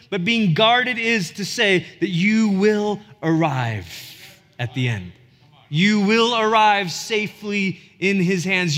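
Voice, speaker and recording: High-voiced pastor preaching in a hall. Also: male voice, animated, takes it slowly, a bit bright. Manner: earnest, building to emphatic peaks. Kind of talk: sermon. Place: church sanctuary. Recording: reverberant hall.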